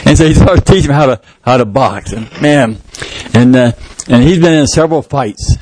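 A male pastor preaching a sermon in church, telling a story with lively, shouted sound effects. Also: mid-range voice, moderate pace, rough recording.

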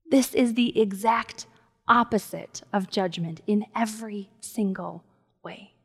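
Slow-speaking woman preaching in a reverberant hall. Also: medium pitch, breathy edge. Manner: warm conversational preaching with soft, hushed emphases. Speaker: pastor. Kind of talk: sermon.

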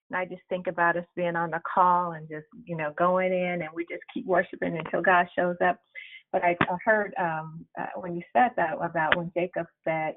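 A woman's voice: on the low side, steady tone, moderate pace. A woman calling in to a prayer call, sharing affirming thoughts on the message. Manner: upbeat, affirming. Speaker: caller. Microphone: phone. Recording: phone line with faint noise.

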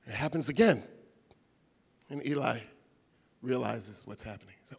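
A man preaching a sermon, retelling stories conversationally with big swings in loudness and pitch. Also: very animated, a little slow, creaky, long pauses, breathy edge. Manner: conversational, many fillers.

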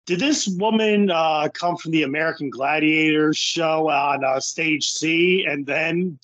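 A man's voice: on the high side, measured pace, a bit bright, no room sound, lo-fi sound. A man guesting on a casual podcast chat, hesitant, with many fillers and restarts.

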